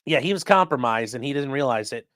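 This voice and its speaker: A man with a medium, fairly bright voice hosts a relaxed commentary show, captured with clean studio sound and no room echo. Profanity comes easily to him, and he voices each quoted line in a changing style.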